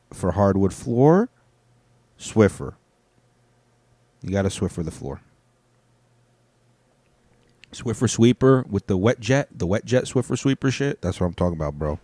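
A man's voice: fairly low pitch, darkish tone, dry recording. A man hosting a solo podcast from home, rambling casually with lots of swearing. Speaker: podcast host. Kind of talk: solo comedic podcast rant. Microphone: headphones on, podcast mic.

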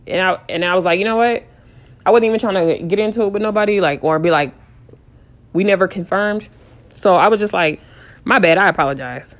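A woman telling a casual storytime vlog, animated and full of restarts, repeating "I was like" as she retells a conversation. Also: mid-range voice, fairly quick. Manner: frequent restarts and repeated phrases. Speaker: vlogger.

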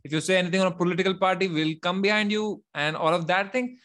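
A young man from India hosts a relaxed conversation in a high-pitched voice. He talks in an animated, loose way, laughs a lot and drops casual swears. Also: quick pace. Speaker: host. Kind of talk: casual chat.

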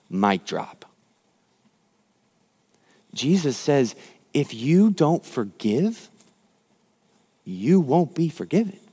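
A man preaching a sermon, telling a parable in an animated way and acting out the lines of its characters. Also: mid-range voice. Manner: animated storytelling, acts out quoted lines. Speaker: pastor. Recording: long hall reverb.

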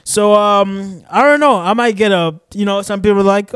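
A man's voice: high-pitched, normal speed, hardly any pauses, fairly bright tone, clear, resonant tone, no room sound. A young man from Arizona hosting a casual solo podcast, rambling with lots of fillers and cursing, recorded in a shared studio office. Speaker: podcast host.

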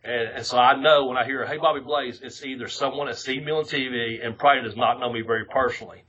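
A man's voice: mid-range voice, fairly even intonation, fast, sharp tone, highs cut off. A man co-hosting a podcast in casual chat, rambling and profane, laughing often. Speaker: podcast co-host.

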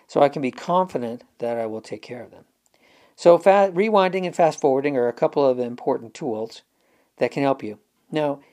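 A man's voice: mid-range voice, a little mellow. A man hosting a self-help talk, telling a personal story in an earnest, conversational way and guiding viewers through an exercise. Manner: earnest, conversational, retells dialogue with restarts. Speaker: self-help video host.

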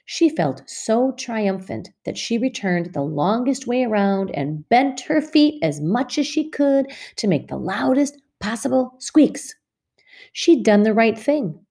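Mellow-voiced woman teacher reading aloud. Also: a little high, big pitch swings, slow pace, vocal fry. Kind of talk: reading a storybook aloud to a class.

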